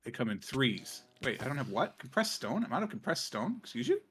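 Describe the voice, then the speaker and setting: A man's voice: mid-range voice, sing-song, fairly quick, a bit bright, a little hiss or hum. A man streaming a game, chatting casually and muttering to himself as he crafts items. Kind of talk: casual gameplay chat.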